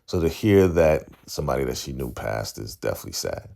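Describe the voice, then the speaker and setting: A man's voice: a bass voice, lively intonation, brisk, gravelly, darkish tone. A man hosting a casual TV episode recap, laid-back and conversational, often checking in with "right?" and acting out the characters' lines. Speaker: TV recap channel host.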